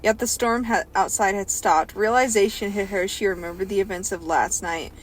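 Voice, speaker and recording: A woman's voice: mid-range voice, steady tone, moderate pace, slight background noise. A young woman co-hosting a casual podcast, reading a story aloud and breaking off with giggles to tease the writing. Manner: giggly, reads then breaks off to mock the text.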